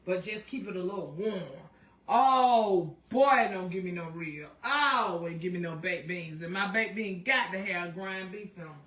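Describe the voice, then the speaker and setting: A woman's voice: mid-range voice, fairly bright tone. A talkative Southern woman with a Southern American accent is chatting through a live cooking stream. She rambles in a folksy way, reading viewer comments and calling everyone baby and child. There is a faint hiss of background noise under her voice. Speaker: cooking livestream host.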